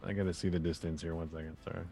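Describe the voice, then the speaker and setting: A man's voice: low voice, level tone, very fast, creaky, mellow, soft background music. A man playing a tabletop game, explaining his character's moves with joking, profane banter. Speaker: player. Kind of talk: tabletop game play chat.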